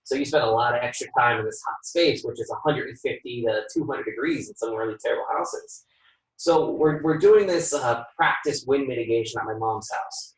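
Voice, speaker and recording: A man who works as a home inspector, a guest on a podcast, telling lively stories, acting out the dialogue and laughing often. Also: medium pitch, brisk. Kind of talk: podcast interview storytelling. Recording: roomy sound from a distant mic.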